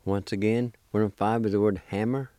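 Guy doing a radio language lesson, dark mellow voice, dry sound, breaks words into syllables, encouraging. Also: fairly low pitch, steady tone, fairly quick, no echo. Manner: patient and encouraging. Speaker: language teacher.

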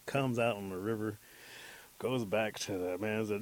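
A man telling a folk tale aloud, animated, acting out the characters' lines. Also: fairly low pitch, normal speed. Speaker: storyteller. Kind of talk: oral storytelling.

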